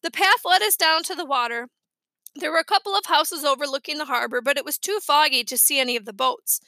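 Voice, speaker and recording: A woman narrating a children's chapter book in a clear, lively way. Her voice is high and bright. The recording is close and dry. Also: a little fast, no room sound, low-quality recording. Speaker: audiobook reader.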